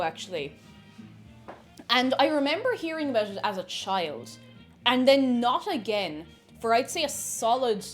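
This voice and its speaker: Chatty Irish woman with a lively voice. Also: fairly high pitch. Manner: chatty, rambling, greets chat viewers. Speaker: live streamer. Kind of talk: casual chat while baking on stream.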